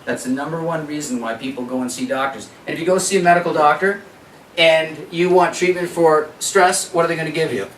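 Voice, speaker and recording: A man giving a health workshop, talking lively and asking the audience questions. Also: on the high side, fairly quick, slight background noise. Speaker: workshop presenter. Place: workshop room. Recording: echoey room, distant mic.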